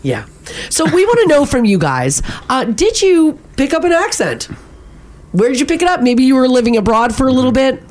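A woman's voice: high-pitched, very animated, fairly quick, darkish tone. A woman co-hosting a morning radio show, chatting casually and reading listener texts aloud. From Canada.

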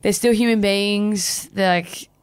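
A young Australian woman co-hosting a podcast, chatting casually and telling an animated story, acting out the voices she quotes. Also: medium pitch, slow pace, clear, resonant tone, no echo, studio quality. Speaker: podcast co-host. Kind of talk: casual chat. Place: podcast studio.

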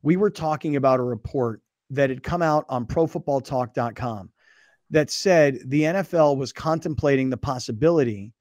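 Animated, higher-voiced sports talk host. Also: male voice, no room sound, studio quality. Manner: animated storyteller, laughs often. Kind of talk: casual sports radio chat.

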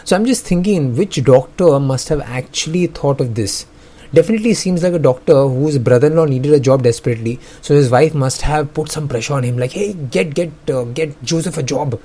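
A man's voice: medium pitch, fairly quick, mellow. A young man, hosting comedic news commentary in a sarcastic, joking way and laughing often. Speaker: host.

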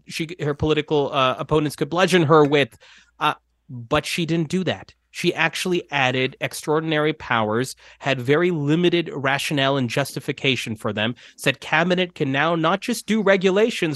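Sardonic man commentator, higher voice. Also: fairly bright tone, no echo, studio quality. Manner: sardonic, wry. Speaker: political commentator. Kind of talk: radio panel discussion.

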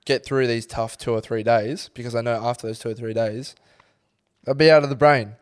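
Young Australian male co-host, mid-pitched, easygoing and sweary. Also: fairly even intonation, brisk, clean tone. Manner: laid-back, swears, laughs easily. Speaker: podcast co-host. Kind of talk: casual chat. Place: studio under lights.

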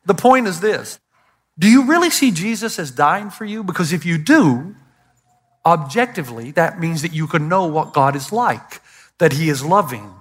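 An older man preaching a sermon as pastor, telling stories with quick asides and self-deprecating humor to a congregation. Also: a little high, expressive. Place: church stage before a congregation.

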